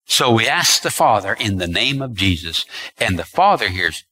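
Male preacher, emphatic and repetitive sermon delivery, bright, forceful tone. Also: fairly low pitch, very animated, normal speed, rough recording. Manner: emphatic and repetitive, stretching key words.

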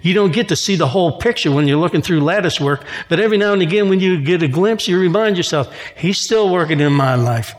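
A man's voice: high-pitched, fast talker, hardly any pauses, long reverb tail. A man preaching a sermon in a church, reading scripture and mixing in casual asides and jokes. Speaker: pastor.

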